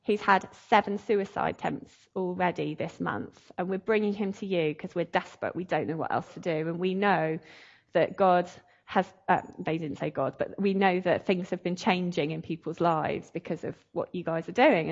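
A woman's voice: fairly low pitch, moderate pace, vocal fry, muffled recording. A woman telling a faith testimony in a chatty, emotional way, laughing often. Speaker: speaker sharing a testimony. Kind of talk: sermon testimony.

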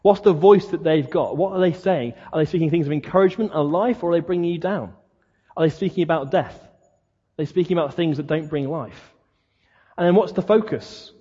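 A man's voice: on the high side, fairly quick, warm tone, slightly rough. A man preaching a sermon, talking conversationally and asking the listeners many questions. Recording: dull lo-fi sound, long hall reverb.

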